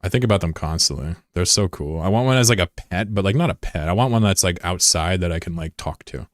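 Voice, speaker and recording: Animated, profane male game streamer. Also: quick pace, dry recording, studio quality. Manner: profane, rambling, jumps to high-pitched shouting when excited. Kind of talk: casual live-stream chat over gameplay.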